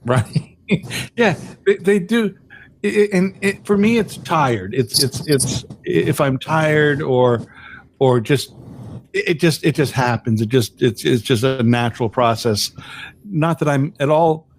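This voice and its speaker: A man's voice: a little high, animated, unhurried, a little hiss or hum. A man co-hosting a podcast in casual chat, often stammering and repeating words, with some casual swearing. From lived in Massachusetts, Virginia and upstate New York. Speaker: podcast co-host.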